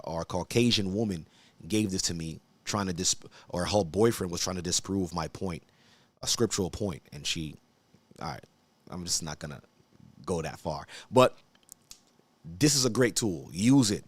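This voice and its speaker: A man's voice: sits low, no room sound. Man hosting a casual live stream. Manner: conversational, repeats himself, checks in with viewers often. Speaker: church elder hosting a live broadcast.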